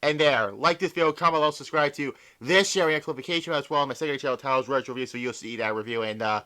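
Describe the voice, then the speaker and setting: A man's voice: medium pitch, fast talker, bright, forceful tone. A young man reviewing a wrestling show in a casual, exasperated rant full of swearing. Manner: profane, exasperated ranting.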